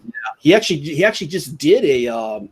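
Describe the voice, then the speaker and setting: A man's voice: on the high side, sing-song, a little fast, husky. A man hosting a casual podcast chat in a laid-back way, laughing and calling people dude and man.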